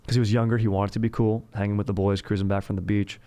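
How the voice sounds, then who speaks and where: Gravelly podcast host. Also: male voice, lowish voice, flat delivery, fast, warm tone, no echo. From Southern California. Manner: rambling, slangy, crude. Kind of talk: comedic history podcast.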